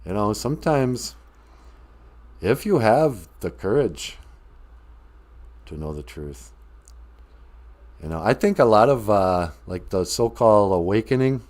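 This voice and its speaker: Middle-aged male streamer, low voice with a lively swing, slow and loose, joking and rambling. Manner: joking and rambling, breaks into laughter and prayer. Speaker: host teaching Ojibwe words. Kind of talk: casual live-stream talk.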